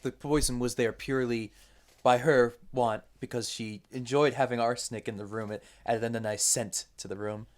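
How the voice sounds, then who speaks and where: A man on a comedy podcast who laughs often and riffs deadpan absurdities. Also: mid-range voice, normal speed. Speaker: podcast panelist. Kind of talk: casual comedic improv chat.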